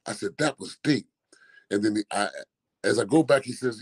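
A man's voice: lowish voice, moderate pace, slightly rough, low-quality recording. A man in his sixties from Philadelphia, a former basketball player telling stories as a guest in a casual interview, acting out the quoted dialogue as he goes. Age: 60s. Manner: animated storyteller who acts out quoted dialogue.

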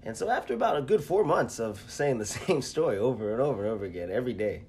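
A man co-hosting a podcast, telling a personal story in a casual, halting way. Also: medium pitch, expressive, darkish tone, slight background noise. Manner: storytelling, halting with fillers and restarts. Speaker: podcast co-host. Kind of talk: casual chat.

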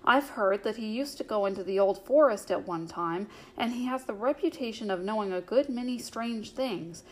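A woman's voice: medium pitch, expressive, moderate pace, natural voice. A woman reading the lines of a shrewd, caring young male hobbit in an audiobook, in a coaxing, knowing manner. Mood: curious.

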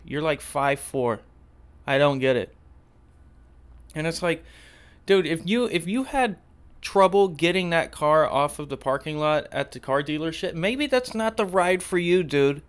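Smooth-voiced man ranting, profane. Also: fairly high pitch. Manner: profane, exasperated, storytelling with slang. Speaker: podcast host. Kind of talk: casual ranting monologue.

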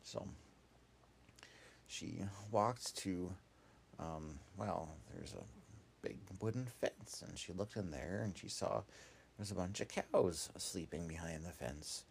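A man's voice: low-pitched, slow pace, gravelly, slight background noise. A man telling an improvised children's story in a meandering, casual way, with many asides and fillers.

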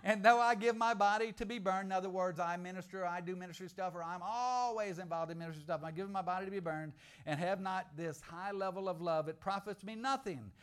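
A middle-aged man preaching a sermon in an animated, joking way, moving from quiet asides to loud outbursts. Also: sits high, brisk, smooth.

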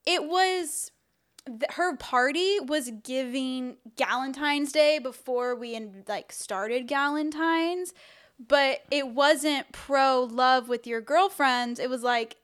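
High-voiced young woman, rambling chat. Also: takes it slowly, fairly bright tone, clean tone. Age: young adult. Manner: rambling, lots of "like", restarts. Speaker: podcast co-host. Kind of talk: casual movie chat.

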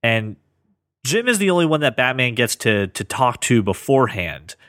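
A man co-hosting a casual podcast, talking earnestly about comics and thinking out loud with lots of restarts. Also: medium pitch, very animated, normal speed, no room sound, studio quality. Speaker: podcast co-host.

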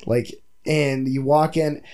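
Young new guy rambling a story, kinda high voice, swears a lot. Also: fairly even intonation, slow, darkish tone, clear, resonant tone. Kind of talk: casual chat.

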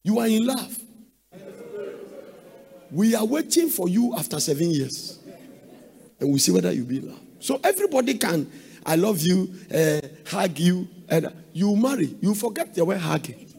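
A man from Ghana with a Ghanaian accent, preaching a sermon in a sing-song way that breaks into sudden shouts. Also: sits high, sing-song, normal speed, vocal fry, long pauses.

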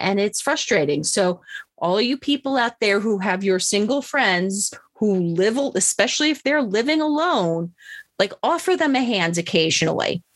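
A middle-aged woman hosts a casual monologue, telling stories in a blunt, profane, self-mocking way and breaking into laughter. Her voice sits at an ordinary middle pitch. The sound is dry and close, with no room echo. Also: slightly rough.

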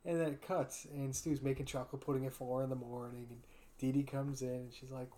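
A man's voice: medium pitch, fairly even intonation, fairly quick, mellow, a little hiss or hum. A man hosting a casual podcast chat, retelling cartoon scenes and putting on a voice for each character. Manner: fond of doing impressions. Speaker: podcast host.

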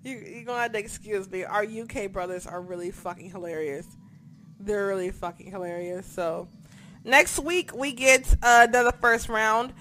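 A woman in casual chat, gushing over wrestling matches with plenty of swearing. Her pitch sits in a middling range, and she keeps stumbling over names before bursting out loud and excited. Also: normal speed, faint music behind. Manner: excitable, swears a lot, loses track of names. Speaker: wrestling show reviewer.

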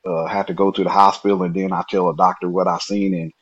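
Husky-voiced man telling a story. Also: sits low, fast talker, highs cut off. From Nebraska. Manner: animated, laughs often, acts out dialogue. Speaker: podcast guest. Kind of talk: casual storytelling.

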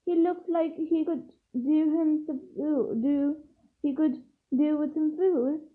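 A woman reading aloud as an eager, sweet-toothed teenage boy wizard, in a slow, slightly raised voice. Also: high-pitched, steady tone. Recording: tinny phone-like sound.

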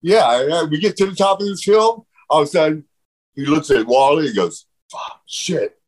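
A man telling stories in a casual interview, animated, swearing freely and acting out what others said. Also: a little high, a little fast, low-quality recording. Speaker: guest.

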